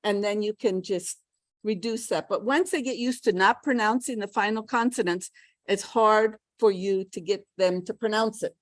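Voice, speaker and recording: A woman's voice: medium pitch, normal speed, no echo. Dry-sounding woman leading a pronunciation workshop. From United States. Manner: chatty, demonstrates sounds aloud. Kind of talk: live teacher-training workshop. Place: classroom.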